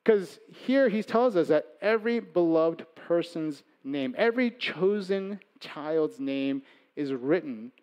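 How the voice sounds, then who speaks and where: A man preaching a sermon as pastor, conversational, moving between loud emphasis and soft asides. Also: fairly high pitch, animated, slow pace, clear, resonant tone.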